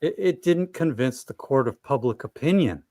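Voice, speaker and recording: Guy co-host reading court docs, bouncy pitch, dry mic, wry comments. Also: normal speed, no room sound. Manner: lively, wry interjections while reading.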